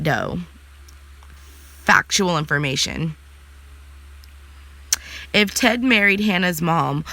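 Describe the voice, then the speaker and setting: A young adult woman answers viewer comments in a loose, sassy live chat, blunt and quick to swear. Her voice is bright and forward. It sits close and dry, with no room sound. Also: fairly low pitch, no echo.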